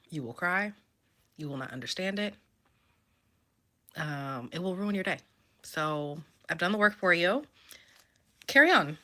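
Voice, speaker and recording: Brief: woman, deadpan social-media advice, low voice.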